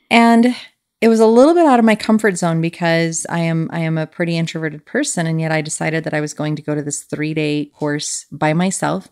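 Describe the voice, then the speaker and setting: A middle-aged woman hosting a podcast, telling a personal story in a soft, earnest, reflective way. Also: sits low. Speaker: podcast host.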